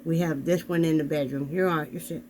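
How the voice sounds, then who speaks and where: A man's voice: fairly high pitch, fairly even intonation, fast, a little mellow, a little hiss or hum, poor audio. A man chatting casually to his viewers from a home bedroom, rambling and talking straight to the camera. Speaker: vlog host. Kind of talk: casual chat. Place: home bedroom, sitting on the bed. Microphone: camera on a desk.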